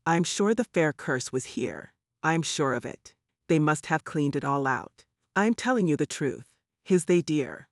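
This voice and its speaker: A woman's voice: low-pitched, lively intonation, a little slow, dry recording, studio quality. A man voicing a furious, scheming older woman who rants and insists in an audiobook reading. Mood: insistent. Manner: ranting, insistent.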